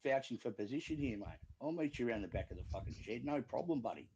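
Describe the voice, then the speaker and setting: A man's voice: mid-range voice, lively intonation, fast, darkish tone, dull audio, a little hiss or hum. A man with an Australian accent arguing aggressively, swearing and tacking mate onto every line. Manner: combative, swearing, says mate constantly. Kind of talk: aggressive argument.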